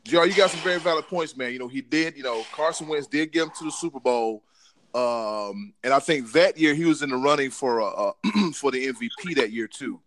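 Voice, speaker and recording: A man's voice: medium pitch, fairly quick, fairly bright tone. A man moderating a sports podcast debate in an easygoing way.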